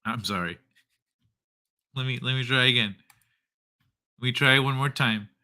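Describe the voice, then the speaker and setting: Man, streamer host, casual late-night chat, profane and loose, bright tone. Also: mid-range voice, measured pace.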